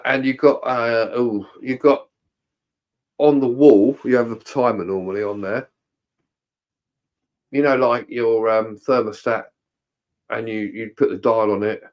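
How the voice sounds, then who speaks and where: A man chatting on a livestream, rambling through home-repair advice with plenty of swearing. His voice sits at an ordinary middle pitch. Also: dull audio. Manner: swears freely, jokey and rambling. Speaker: livestream co-host. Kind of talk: casual chat.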